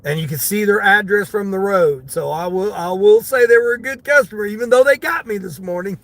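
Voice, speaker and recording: A man's voice: sits high, fairly quick, a bit bright, no echo. A middle-aged man, a delivery driver, telling a story to his viewers from his car, laughing often and talking to them by name. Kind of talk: casual storytelling while driving.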